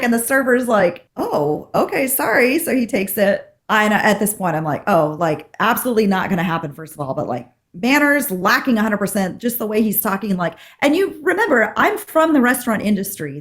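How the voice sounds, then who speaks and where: A woman co-hosting a podcast, telling a story in animated casual chat and acting out the dialogue. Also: mid-range voice. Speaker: podcast co-host.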